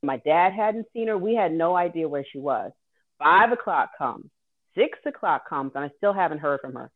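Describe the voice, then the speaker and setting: A woman's voice: deep voice, lively intonation, moderate pace. A woman telling an earnest, vivid personal story as a guest host. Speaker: guest host sharing her caregiving story. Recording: tinny phone-like audio.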